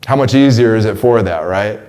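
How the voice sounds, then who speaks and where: A man in his forties giving a casual spoken monologue, slangy and stumbling over repeated words, his voice climbing when he gets excited. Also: fairly low pitch, brisk. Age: 40s. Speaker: host delivering a weekly message.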